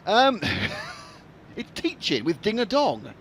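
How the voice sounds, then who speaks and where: A man's voice: high-pitched, wildly swooping pitch, takes it slowly, a little hiss or hum. A man, chatting and joking as a live racing stream commentator. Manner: chatty, jokey, rambling.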